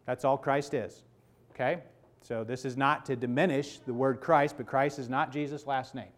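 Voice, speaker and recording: A man's voice: mid-range voice, steady tone, normal speed. A man in his fifties preaching a sermon to his congregation, conversational and emphatic, checking in with "okay?" and "right?" asides. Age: 50s. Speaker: pastor.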